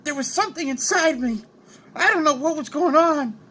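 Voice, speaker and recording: A man voicing a brash, loyal teenage boy, talking loud and urgent. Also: extremely high pitch, moderate pace, pitched above the performer's own voice. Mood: worried.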